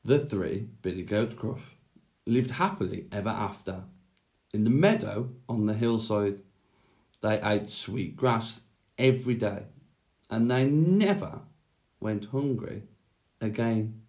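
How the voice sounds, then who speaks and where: A male teacher reading a children's story aloud and then giving a handwriting lesson, clear and expressive. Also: lowish voice, slow pace.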